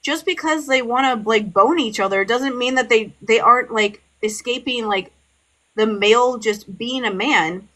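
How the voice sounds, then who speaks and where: Bright-toned woman podcast cohost, rambly heated story, tons of "like"s. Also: on the high side, moderate pace, poor audio. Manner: heavy "like" fillers, animated and heated storytelling. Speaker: podcast co-host. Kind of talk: casual chat.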